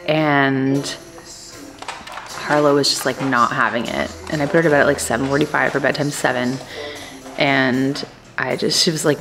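A woman's voice: extremely low pitch, fairly bright tone. A young, heavily pregnant woman vlogging casually at home, chatty and giggly with lots of fillers. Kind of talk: casual vlog talk to camera.

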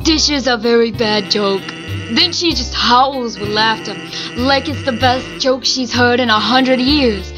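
A woman's voice: on the high side, a little slow, music in the background, lightly acted. A woman voicing a laid-back, joking male skeleton sentry as she reads game dialogue aloud.

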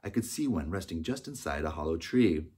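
A man narrating an audiobook in a steady storytelling manner. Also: low voice, fairly quick, breathy edge. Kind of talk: scripted narration.

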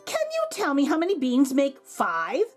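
A woman's voice: high-pitched, huge pitch swings, moderate pace, faint music behind. A woman doing a sly coaxing old man. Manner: coaxing, persuasive. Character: sly funny-looking old man with beans.

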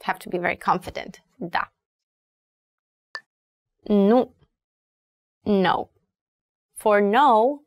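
A woman's voice: medium pitch, no echo, clean studio sound. A woman with a Romanian accent, a native Romanian speaker, teaching a beginner language lesson in a patient, repetitive way. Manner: slow and patient, repeating words clearly with fillers.

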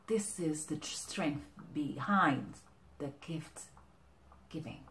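A woman with a low, very lively voice speaks slowly and with many restarts, sharing relationship advice in a casual vlog. The recording has a roomy echo with faint noise behind her. She talks animatedly to the camera. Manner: animated, often acting out quoted exchanges; halting, with frequent restarts. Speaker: vlogger giving relationship advice.

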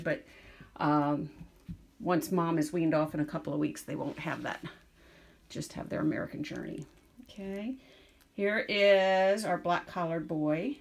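A woman dog breeder chatting casually while showing her puppies, slipping into baby talk with them. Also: on the low side. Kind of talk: casual vlog narration. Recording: background noise.

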